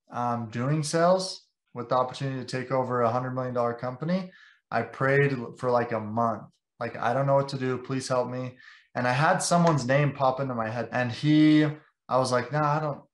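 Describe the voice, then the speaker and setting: This young man, a sales director, has a mid-range voice with a roomy sound. Chatting in a casual podcast interview, he talks passionately and for a long time, with "like" turning up constantly.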